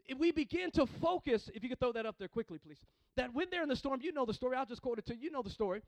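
A man's voice: very high voice, animated, rapid-fire, few pauses, dry recording, poor audio. A man preaching a sermon as pastor, repeating phrases and building in fervor.

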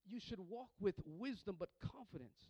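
A man preaching to his church in a very high voice. He calls for responses and repeats and restarts his phrases as he goes. The sound is close and dry with no room echo. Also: expressive, moderate pace, dark tone. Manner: preaching, call-and-response with congregation; repeats words and restarts when fired up. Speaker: pastor. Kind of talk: sermon.

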